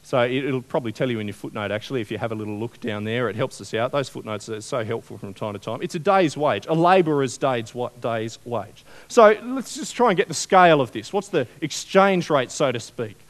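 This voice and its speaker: Lively, animated male preacher. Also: mid-range voice, a little fast. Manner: animated, conversational, asks the congregation questions. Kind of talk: sermon.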